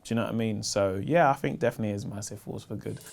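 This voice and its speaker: A man in his thirties with a South London accent, a stand-up comedian chatting casually in an interview, slangy and animated as he tells stories. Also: very fast, creaky, soft background music. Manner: animated, slangy storytelling, gets loud and high when excited.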